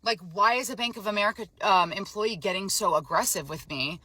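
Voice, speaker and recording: Speaking to camera, a young adult woman vlogger recounts being scammed over the phone, quoting the conversation in a frazzled, upset rush. She is emotionally drained and close to tears. Her mid-range voice is fairly quick, sharp, and breathy, recorded with no room sound.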